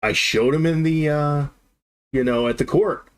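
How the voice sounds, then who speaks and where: Speaking at a measured pace in a clean, fairly high-pitched voice, this thirty-something man streams games and spins a meandering tale. He plays out each line of dialogue with lively energy, keeping the live-stream storytelling casual.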